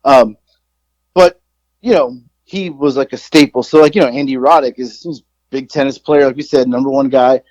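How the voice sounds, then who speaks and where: A man's voice: mid-range voice, normal speed, a little mellow, no echo, rough recording. A man in his forties, a podcast co-host, telling a rambling, profane, self-mocking story in casual chat.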